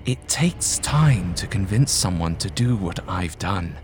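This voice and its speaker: A man's voice: sits low, animated, unhurried, soft background music. A man voicing a mocking ghost woman in red. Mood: scornful. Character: vengeful female ghost in red, cold and mocking.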